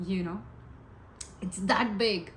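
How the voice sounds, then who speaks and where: A woman's voice: medium pitch, takes it slowly, slight background noise, rough recording. A woman giving a casual pick-a-pile tarot reading, chatty and giggly, rambling with many asides. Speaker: tarot reader.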